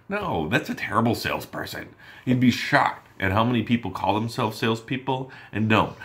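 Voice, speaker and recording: A man coaching loan officers on sales calls, energetic and emphatic, often checking in with "right?". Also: medium pitch. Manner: acts out quick exchanges in other voices. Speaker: mortgage sales trainer.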